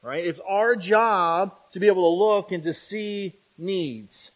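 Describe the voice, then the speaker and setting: High-voiced man preaching a lively sermon. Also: takes it slowly. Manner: conversational, with frequent "right?" tags to the congregation; animated, acting out imagined speakers.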